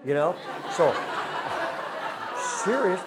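A man preaching a sermon to his congregation, telling stories with animated bursts and slowing down for earnest, repeated emphasis. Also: sits high, background noise. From Southern California. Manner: animated storytelling with laughter, then slow earnest emphasis. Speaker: pastor. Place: church before a congregation.

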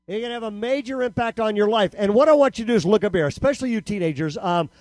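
A man speaking to teenagers at a camp, telling a comic story to a live audience. He is animated, acts out quotes and sound effects, and keeps checking in with a questioning "okay?". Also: sits high, dry recording.

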